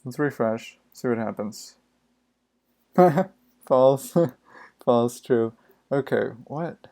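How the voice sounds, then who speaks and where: Man, slow speech, gravelly fry, thinking aloud while coding, exasperated, casual. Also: mid-range voice, warm tone. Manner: exasperated, muttering to himself, swears freely. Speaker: streaming programmer.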